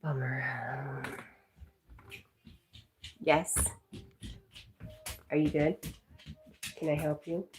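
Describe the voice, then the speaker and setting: A woman's voice: low-pitched, fairly even intonation, extremely slow, long pauses, darkish tone. A woman hosting a casual livestream from home, chatting with viewers and talking to her pet. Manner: chatty, talks to her pet and reads viewer comments aloud. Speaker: livestream host. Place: home indoors. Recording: roomy echo, mic at a distance, faint noise.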